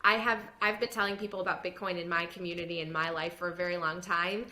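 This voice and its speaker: Bright-voiced woman chatting animatedly. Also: fairly low pitch, fast. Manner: animated, laughs often, mimics others in quotes. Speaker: podcast host, former news reporter. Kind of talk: casual interview chat.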